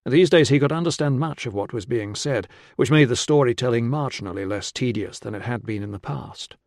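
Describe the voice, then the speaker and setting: A man reading an audiobook in a measured, steady scripted narration. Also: mid-range voice, dry recording, clean studio sound.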